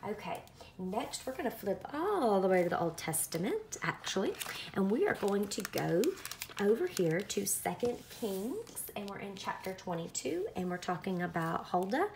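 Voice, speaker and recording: A woman's voice: mid-range voice, sing-song, moderate pace, vocal fry, a little mellow, a little hiss or hum. Chatty Southern woman showing her journal. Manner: chatty, many ums, friendly explaining. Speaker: craft vlogger. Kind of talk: casual show-and-tell walkthrough.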